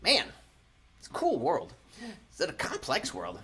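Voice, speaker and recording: A woman's voice: sits low, huge pitch swings, measured pace, bright, forceful tone, breathy edge. A bubbly woman hosting a children's library show, exclaiming and laughing often. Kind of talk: lively kids' show hosting.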